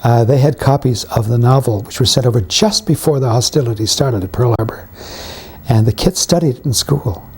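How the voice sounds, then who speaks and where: Very husky older man. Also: mid-range voice, fairly quick, darkish tone. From Canada. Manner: wry, anecdotal storyteller. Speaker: veteran actor and writer being interviewed. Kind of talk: reminiscing interview.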